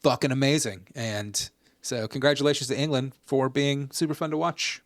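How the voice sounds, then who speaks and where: A man's voice: medium pitch, brisk, a bit bright, dry recording, clean studio sound. A man co-hosting a gaming podcast, chatting casually and ranting with lots of profanity. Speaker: podcast co-host. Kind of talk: casual chat.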